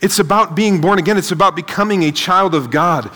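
A man preaching a sermon to a seated audience, energetic, asking rhetorical questions and often adding "right?". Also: high-pitched, fairly quick. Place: large hall with a live audience. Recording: long hall reverb.

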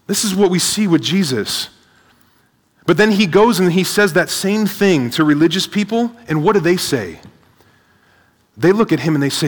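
A man preaching a sermon to a seated audience, energetic, asking rhetorical questions and often adding "right?". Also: high-pitched, moderate pace, slightly rough. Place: large hall with a live audience. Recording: long hall reverb.

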